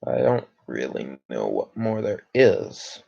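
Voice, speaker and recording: A man's voice: extremely low pitch, sing-song, slow, vocal fry, darkish tone, slightly rough, muffled recording. A young man from Canada chatting casually on a livestream, rambling and reading viewer comments aloud with lots of fillers. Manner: rambling, reads chat aloud, filler-heavy.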